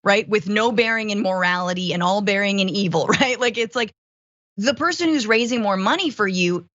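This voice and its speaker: A woman's voice: medium pitch, moderate pace, a bit bright, no room sound, lo-fi sound. Sarcastic woman hosting political chat. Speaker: fill-in host.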